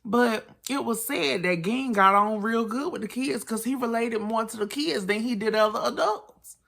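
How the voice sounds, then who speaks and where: A woman's voice: a little high, normal speed, gravelly, a bit bright. A woman telling a true-crime story as a casual bedtime tale, with sassy, chatty asides. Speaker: storyteller host.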